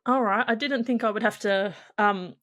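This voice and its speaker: A woman's voice: mid-range voice, normal speed. A woman with an Australian accent, from Victoria, joining a sports podcast as a guest expert and chatting enthusiastically over a video call. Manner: enthusiastic, chatty, animated storytelling. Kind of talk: casual podcast chat.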